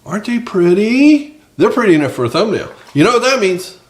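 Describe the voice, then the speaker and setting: A man putting on the voice of an over-eager used car salesman, pitching food loudly in a small home kitchen. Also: sing-song, a little fast, reverberant. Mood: hyped.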